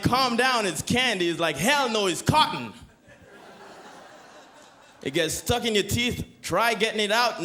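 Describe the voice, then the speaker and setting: A young Canadian man performs a stand-up set in a voice that sits high, pairing deadpan setups with excited bursts on the punchlines.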